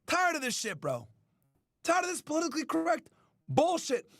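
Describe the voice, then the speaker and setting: A man hosting a podcast, ranting loudly with profanity, often shouting and mocking others in whiny put-on voices. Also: very high voice, huge pitch swings, moderate pace, dry recording, faint music behind. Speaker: podcast host. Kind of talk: ranting commentary.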